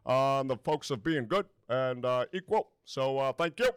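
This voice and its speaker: A man doing an impression of a calm, folksy male politician, halting on many drawn-out "uh" pauses, in front of a student audience. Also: mid-range voice, clean tone, dry recording, natural voice. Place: university lecture hall before a student audience.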